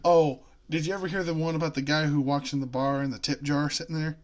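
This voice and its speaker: Joking young man, higher voice. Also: fairly even intonation, quick pace. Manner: laughs often, tells long jokes with voiced characters. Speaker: co-host. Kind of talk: casual chat, telling jokes.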